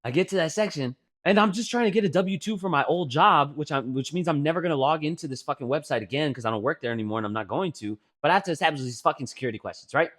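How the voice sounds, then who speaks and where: A young man co-hosting a casual podcast, telling stories with a lot of swearing and rising to loud, laughing outbursts. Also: fairly high pitch, racing, hardly any pauses. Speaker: podcast co-host. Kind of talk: casual storytelling chat.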